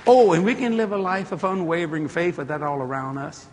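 A male preacher telling stories in a folksy, animated way, building to exclamations before a congregation. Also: high voice, a little fast, a faint crowd, a little hiss or hum. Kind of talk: storytelling sermon. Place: church hall or auditorium. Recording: echoey hall with a congregation.

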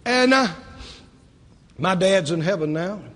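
Preaching slowly in a high voice, this man from the American South speaks with a Southern accent and a long reverb trailing each line. His lively sermon is built on rhetorical questions and voices he acts out.

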